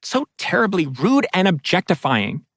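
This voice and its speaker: A man's voice: high-pitched, wildly swooping pitch, normal speed, fairly bright tone, no echo, studio quality, voice pushed up, heavily acted. A man voicing a bubbly, gossipy female water spirit in an audiobook, chattering and gushing. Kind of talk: audiobook character voice.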